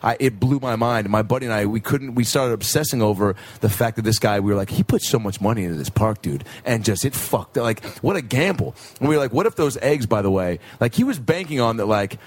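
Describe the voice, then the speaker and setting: A man's voice: mid-range voice, animated, fairly quick, few pauses, slightly rough. A middle-aged man hosting a podcast, with laid-back, laughing, swearing banter. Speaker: podcast host. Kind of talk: casual podcast chat.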